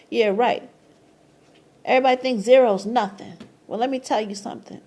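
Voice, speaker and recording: A high-pitched woman talks through her own number system in loose, slangy chat. She swears freely, laughs as she goes and checks in with "okay?" after nearly every point, her voice jumping up into excited squeals. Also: normal speed, long pauses. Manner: rises to high squeals of surprise. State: tired, sleepy at times. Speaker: numerology vlogger. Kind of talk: casual explainer monologue.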